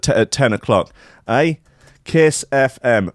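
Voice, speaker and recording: A man rambles through a radio show at a mid pitch, spinning crude jokes and laughing at his own bits. The sound is dry and close, with no room around it. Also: animated, measured pace, no echo. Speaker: radio host. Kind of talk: irreverent radio banter. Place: radio studio.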